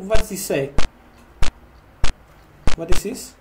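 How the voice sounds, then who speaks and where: Gravelly man with a mock Transylvanian accent. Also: a little high, animated, a little slow, background noise. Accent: mock Transylvanian vampire accent. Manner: broken English, jumpy, panicky yelps and shouts. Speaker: horror game let's-player as vampire host. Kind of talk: gaming commentary.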